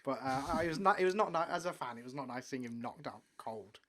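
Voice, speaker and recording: Brief: male podcast co-host, mid-pitch, casual and enthusiastic sports chat. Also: animated, quick pace. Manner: chatty, enthusiastic, trails off quietly.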